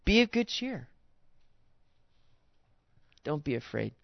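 A man, a pastor, giving a conversational sermon, animated and casual with slangy asides. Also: fairly high pitch, takes it slowly, vocal fry, dry recording, lo-fi sound.

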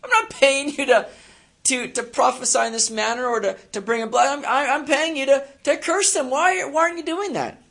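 A man voicing an exasperated ancient king who demands answers, shouting indignant questions. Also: extremely high pitch, a little fast, gravelly, pitched above the performer's own voice, exaggerated voice.

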